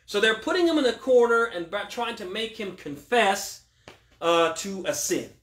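A male imam giving a religious question-and-answer talk, asking rhetorical questions, then answering them, and quoting Arabic scripture quickly. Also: sits high, a bit bright. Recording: echoey room.

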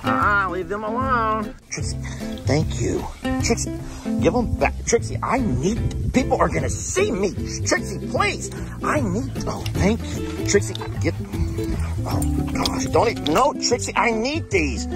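A man vlogging outdoors by a creek, excitable and often shouting to his animals. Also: sits high, moderate pace, loud music behind the voice. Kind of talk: casual outdoor vlog.

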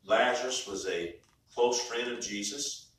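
A man of medium pitch preaches a little slowly, his tone a bit bright. As pastor he speaks in a conversational sermon style, frequently restarting what he says. A distant mic in the echoey church sanctuary picks him up along with slight background noise.

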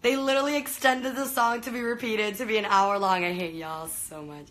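A woman's voice: mid-range voice, fairly even intonation, a little fast, fairly bright tone, rough recording. A young woman from Venezuela chatting casually on a live stream, gushing and full of fillers, talking into a phone. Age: young adult. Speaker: livestreamer.

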